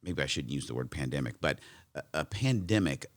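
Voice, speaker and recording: A man's voice: very deep voice, lively intonation, brisk. A man in his forties hosting a podcast, talking thoughtfully and rambling with restarts. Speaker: podcast host. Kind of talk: conversational interview.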